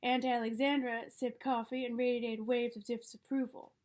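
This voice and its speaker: A woman reading a novel aloud as narrator, in a measured storytelling manner. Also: on the high side, level tone, a little mellow. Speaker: audiobook reader.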